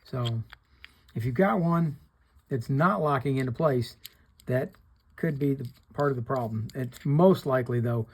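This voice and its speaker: A man's voice: mid-range voice, unhurried, darkish tone, slight background noise. A middle-aged man hosting a hands-on repair tutorial, plain-spoken, talking through each step while he works. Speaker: fishing reel repairer hosting a channel.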